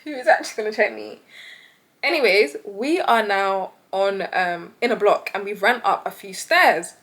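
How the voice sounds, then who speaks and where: Speaking at a moderate pace, a young vlogger with a British accent animatedly recounts a story for her viewers. When quoting people in it, she performs their voices with big leaps in pitch.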